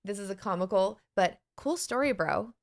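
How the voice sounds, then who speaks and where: A woman with a mid-range voice co-hosts a podcast as an anxiety coach, sharing a personal story at a moderate pace. She's casual and animated, laughing and acting out her own inner voices.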